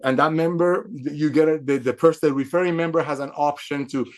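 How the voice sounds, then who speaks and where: Man, somewhat high voice, excitable executive giving a motivational sales pep talk. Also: fairly quick. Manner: excitable, repetitive, preacher-like emphasis. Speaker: company executive addressing affiliates.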